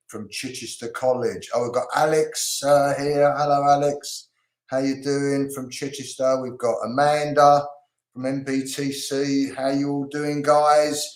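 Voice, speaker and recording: A man's voice: medium pitch, a little mellow, reverberant. A British man hosting a live online hair class, greeting viewers in an upbeat, chatty way with lots of ums, on a video call. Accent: British English. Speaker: host.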